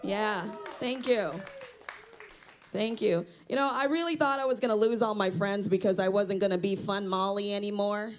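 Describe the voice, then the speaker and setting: A woman's voice: mid-range voice, normal speed. A middle-aged woman doing a self-deprecating stand-up comedy set on a small theater stage, chatting with the crowd. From Cambodian heritage.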